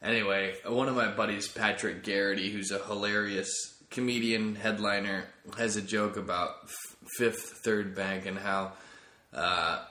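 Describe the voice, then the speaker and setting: Man, comedy podcast host, rambling, self-correcting, low voice, echoey room. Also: fairly even intonation, measured pace, bright, forceful tone.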